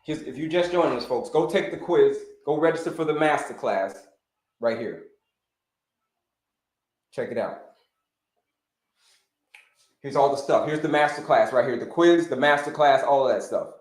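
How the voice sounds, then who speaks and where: A man hosting a live stream as a health coach, talking in an animated way, repeating his phrases and calling his viewers folks. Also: mid-range voice, moderate pace, pauses often, echoey room.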